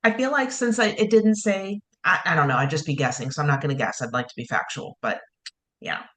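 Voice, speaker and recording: A woman co-hosting a casual opinion chat, measured and careful, reading out news items. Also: low voice, fairly bright tone. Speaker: podcast co-host.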